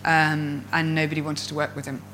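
A woman's voice: deep voice, brisk, a little hiss or hum, rough recording. A woman coach giving a talk to fellow coaches, telling stories expressively and acting out inner voices. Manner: expressive storyteller who acts out inner voices. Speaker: coach and speaker. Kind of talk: presentation to an audience of coaches.

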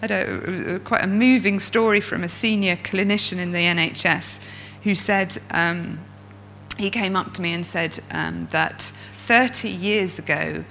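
A woman coach, speaking in a lowish, creaky voice at an unhurried pace, gives a presentation to fellow coaches. She tells stories expressively and acts out inner voices. The recording is rough, with a slight hiss or hum.

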